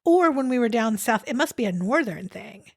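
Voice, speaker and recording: A woman's voice: on the high side, animated, moderate pace. A woman co-hosting a podcast, chatting casually and laughing often about a trip. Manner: giggly, chatty, with frequent restarts. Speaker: podcast co-host. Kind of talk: casual travel chat.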